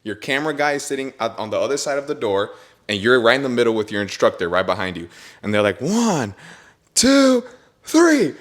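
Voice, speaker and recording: A man's voice: fairly low pitch, fast talker. Slangy young man telling a story. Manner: animated, slangy, says bro and dude a lot. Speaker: podcast host. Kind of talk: casual storytelling chat.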